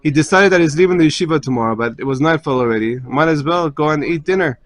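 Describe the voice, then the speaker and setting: A man's voice: fast, rough recording. A man, a rabbi, telling a story in a class, acting out the characters' lines. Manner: animated storyteller, voices characters with raised pitch. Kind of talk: sermon storytelling.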